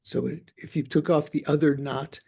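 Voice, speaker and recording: Older male teacher with a warm, slightly high voice, explaining slowly with repeated false starts. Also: steady tone, vocal fry, breathy edge. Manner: halting, repeats words while thinking aloud. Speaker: Buddhist teacher. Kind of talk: discussing a text with a student.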